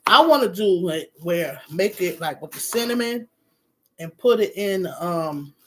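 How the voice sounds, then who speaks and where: A woman chatting casually on a live stream, shifting between bright greetings and quiet murmurs. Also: lowish voice, lively intonation, a little slow, a little hiss or hum.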